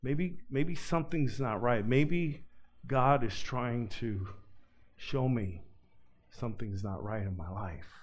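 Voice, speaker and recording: A male pastor preaching at an unhurried, deliberate pace. His voice sits at an ordinary pitch. He swings between forceful, raised warnings and soft, pleading lines. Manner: slow, earnest preaching, swinging from loud urgency to quiet pleading. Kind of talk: sermon.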